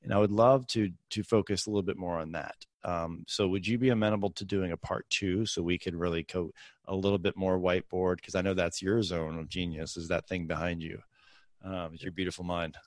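Deep-voiced upbeat male podcast host. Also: fairly even intonation, a little fast, dry recording, clean studio sound. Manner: upbeat, affirming interviewer. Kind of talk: podcast interview.

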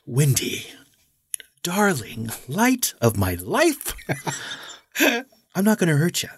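A man's voice: on the high side, huge pitch swings, takes it slowly, a little hiss or hum, voice pushed up, exaggerated voice. A man voicing an unhinged, mocking male madman in a sing-song, laughing, menacing way.

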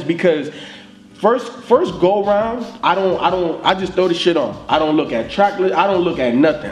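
High-pitched guy ranting excitedly about an album, swears a lot, stumbles on starts, echoey room. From East Atlanta, US. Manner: animated, emphatic, profane, repeats himself when starting. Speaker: podcast co-host reviewing an album. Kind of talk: casual chat. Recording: roomy echo.

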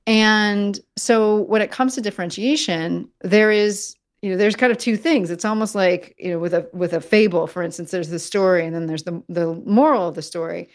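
A woman guest in an interview, talking in an animated way, often restarting her sentences and using fillers like "like" and "you know". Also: mid-range voice, moderate pace, hardly any pauses. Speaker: guest, messaging consultant. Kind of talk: conversational interview.

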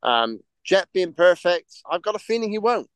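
A man's voice: sits high, sing-song, normal speed, smooth, no room sound. A man co-hosting a casual podcast chat, rambling and hesitant with lots of restarts. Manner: rambling, hesitant, full of ums and restarts, laughs easily. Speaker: podcast co-host.

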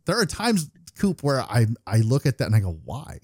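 A man hosting a podcast in casual chat, animated and quick to stumble over his first words. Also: medium pitch, slightly rough, dry recording, clean studio sound. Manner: animated, repeats words when starting sentences. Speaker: podcast host.

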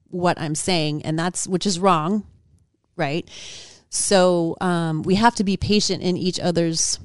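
A woman co-hosting a talk show, chatting in a calm, reflective way with many fillers. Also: fairly low pitch, smooth, dry recording, clean studio sound. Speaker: co-host. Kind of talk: casual reflective chat.

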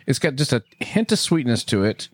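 A man's voice: medium pitch, very animated, brisk, no room sound. A man co-hosting a casual podcast, playfully teasing while giving rambling tasting notes. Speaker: podcast co-host. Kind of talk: casual chat.

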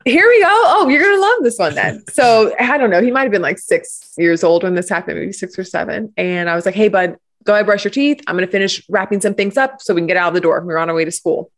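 A woman guest in a conversation, telling stories and explaining ideas with animated enthusiasm. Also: mid-range voice, fast talker, hardly any pauses. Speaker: guest, parenting coach. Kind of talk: conversational interview.

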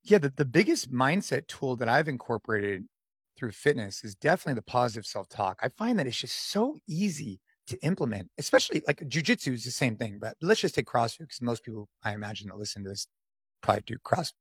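A middle-aged man talking casually as a podcast guest, energetic and coach-like, with a lot of "dude" and "man". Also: medium pitch, fast talker, breathy edge, no echo, clean studio sound. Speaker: podcast guest, gym owner. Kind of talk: casual interview conversation.

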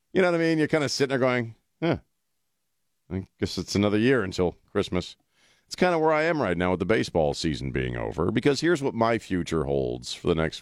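A man's voice: medium pitch, creaky, dry recording, clean studio sound. A man hosting a talk radio show, chatting bluntly and jokingly. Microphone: studio mic.

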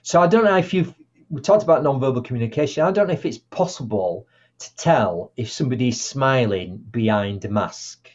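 Guy telling stories on a podcast, husky voice, bouncy pitch, muffled recording. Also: fairly quick. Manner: animated storyteller, acts out quotes. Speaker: guest speaker and author. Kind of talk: conversational podcast interview. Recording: muffled lo-fi audio.

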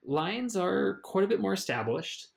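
A man's voice: high-pitched, sing-song, a little slow, creaky, a loud crowd. A man co-hosting a fantasy football show, in casual sports chat, chatty and often restarting his phrases. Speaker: fantasy football podcast co-host.

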